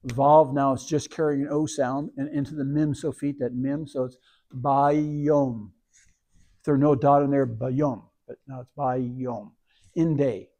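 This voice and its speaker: A man's voice: mid-range voice, dark tone. A man leading a service, reading scripture and patiently walking through Hebrew words letter by letter. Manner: patient, spells out words sound by sound. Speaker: service leader and teacher.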